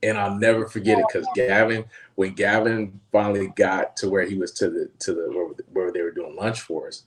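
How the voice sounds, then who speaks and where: A man who is an actor, telling animated anecdotes on a casual panel, laughing and acting out quotes. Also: deep voice, a little fast. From Los Angeles. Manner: frequent fillers, laughs while telling stories.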